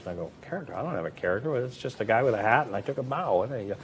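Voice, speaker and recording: There's a little hiss or hum as this man speaks very fast. He's a magician and comedy performer recounting anecdotes in an interview, animatedly imitating the voices of those involved with large shifts in pitch and loudness.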